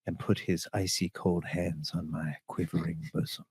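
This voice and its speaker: A man putting on a hushed, low female voice narrating a steamy romance passage. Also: little pitch movement, normal speed, slightly rough, no room sound. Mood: sultry.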